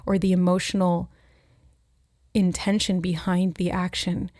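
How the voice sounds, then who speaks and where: Woman doing a tarot reading, flat calm delivery, kinda musing as she goes. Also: lowish voice, unhurried, no room sound, clean studio sound. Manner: musing, relays messages as she hears them. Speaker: tarot reader. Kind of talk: intuitive card reading to camera.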